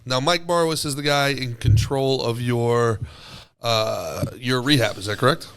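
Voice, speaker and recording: A man co-hosting a studio podcast, his voice sitting at an ordinary middle pitch. He trades loose, teasing banter and delivers showy, tongue-in-cheek introductions. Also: unhurried, a bit bright, clear, resonant tone. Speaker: podcast co-host.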